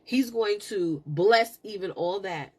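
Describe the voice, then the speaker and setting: A middle-aged woman hosting a live stream, telling a personal story in a casual, animated, preaching way. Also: mid-range voice, slow pace, slightly rough. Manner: animated, preachy, laughs a lot.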